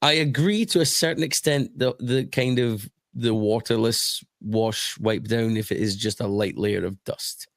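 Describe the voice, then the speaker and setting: A man hosting a detailing podcast, explaining his points in a measured, conversational way. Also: lowish voice, no echo, clean studio sound. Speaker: podcast host. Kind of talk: casual podcast chat.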